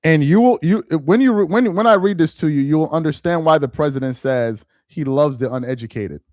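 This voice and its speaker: Man, live-stream commentary host, high lively voice, sarcastic, dry close sound. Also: no room sound. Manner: sarcastic, mocking, reads aloud slowly with emphasis.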